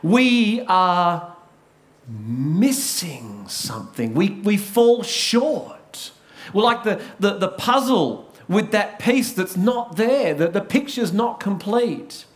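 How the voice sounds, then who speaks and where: Australian male pastor, high voice, unhurried earnest sermon storytelling, repeats words as he goes. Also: sing-song.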